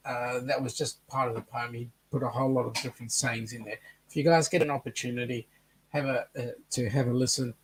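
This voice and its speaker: Australian male co-host, gravelly voice, casual and jokey, reads comments aloud. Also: medium pitch, slight background noise. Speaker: co-host of a live chat stream. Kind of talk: casual live-stream chat reading viewer comments.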